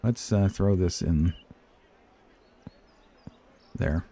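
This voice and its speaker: A man's voice: low-pitched, extremely slow, dark tone. An older man giving casual, hesitant commentary as he plays a video game, chatting to himself and poking fun at his own fumbling. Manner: chatty, hesitant, self-deprecating, talks to himself. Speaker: game streamer.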